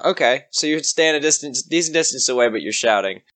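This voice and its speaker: Relaxed game master narrating a tabletop game. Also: mid-range voice, fairly quick.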